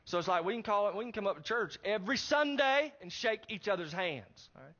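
Male pastor, high and sharp-toned, emphatic sermon delivery, dull lo-fi recording. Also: lively intonation, a little fast, hardly any pauses. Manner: emphatic, addresses the congregation with rhetorical questions. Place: church service.

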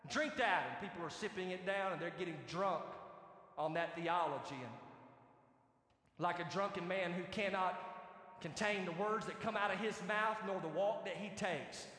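A male pastor preaching a sermon in an animated, conversational way, asking the congregation questions. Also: sits high, moderate pace. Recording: echoey hall reverb.

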